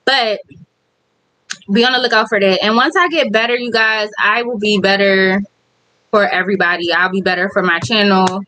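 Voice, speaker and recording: A woman's voice: mid-range voice, steady tone, normal speed, pushed and bright, no room sound, low-quality recording. A woman vlogger with kids, talking candidly on a casual livestream and reading viewer comments aloud. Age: adult with kids.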